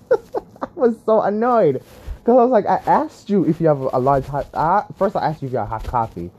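A young man telling a casual, exasperated story about his week, often laughing, with lively swings in his voice. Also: fairly high pitch, moderate pace, pauses often, highs cut off. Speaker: vlogger.

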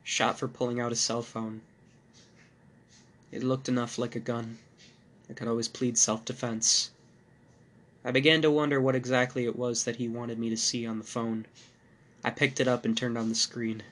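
Man reading a dark horror tale. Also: mid-range voice, flat delivery. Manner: measured, dark first-person narration. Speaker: podcast host.

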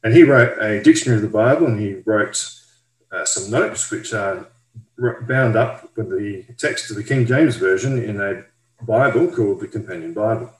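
A man talks through a Bible passage in a measured, careful teaching manner. His voice sits low. The sound rings a little off the walls of an echoey room. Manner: measured, careful, explaining step by step. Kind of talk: explanatory Bible study talk.

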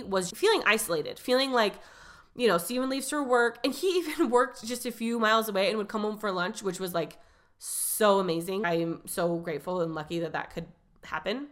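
A woman's voice: lowish voice, a bit bright. A woman in her thirties hosting a podcast, telling a personal story in a candid, chatty way that often breaks off mid-thought. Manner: candid, chatty, self-interrupting. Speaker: podcast host.

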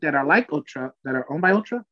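A podcast co-host in casual chat, answering with quick short replies. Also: mid-range voice, expressive, a bit bright. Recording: slightly dull lo-fi sound.

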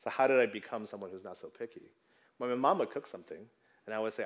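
A man's voice: lowish voice, fast. A man in his thirties preaching a sermon in a conversational way, often checking in with the congregation. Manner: conversational, tags lines with "right?". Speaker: pastor.

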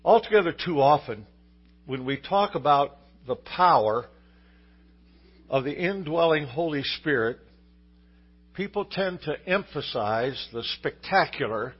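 A man's voice: fairly high pitch, husky, lo-fi sound. A man preaching a sermon, telling a story in an easygoing way, with fillers and restarts. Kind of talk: sermon with a told joke story.

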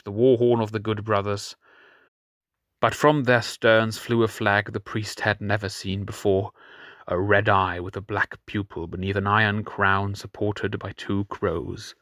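A man narrating a fantasy audiobook in a steady, measured storytelling manner. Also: on the low side, no room sound, clean studio sound.

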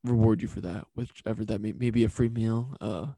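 A man from Massachusetts co-hosting a casual sports podcast, tossing in quick jokey asides. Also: fairly low pitch, steady tone, vocal fry, warm tone. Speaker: podcast co-host.

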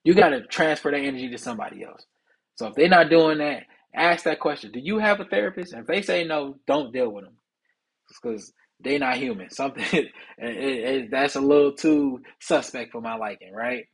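Man, young adult, husky voice, mid pitch, casual podcast monologue, streetwise, preachy. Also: fairly quick, rough recording. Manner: conversational, preachy, streetwise slang. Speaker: podcast host.

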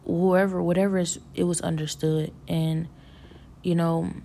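A woman with a somewhat low, gravelly voice recounts a vision in a loose, rambling way. She circles back often, restarting thoughts and leaning on fillers while she muses earnestly about faith. Her tone is mellow, with a faint hiss under the recording. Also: level tone, measured pace. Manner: earnest religious musing. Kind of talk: casual storytelling of a vision.

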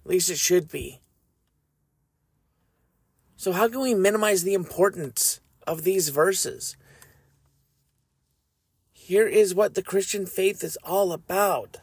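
A man hosting a faith podcast, reading scripture and speaking in an earnest, measured, reflective way. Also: high-pitched, slightly rough, dry recording. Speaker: podcast host.

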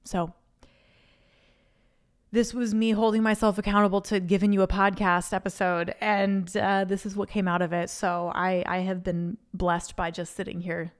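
A woman's voice: medium pitch, flat delivery, moderate pace, smooth. A woman hosting her own podcast, talking solo into a microphone in an earnest, faith-filled, rambling stream of consciousness. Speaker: podcast host. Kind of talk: unscripted solo podcast reflection. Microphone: studio microphone.

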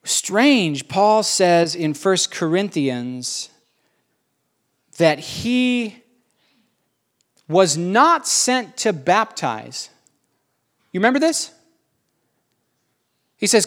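A male pastor preaching a sermon in an animated, conversational way with emphatic questions. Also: sits high, very slow, long pauses.

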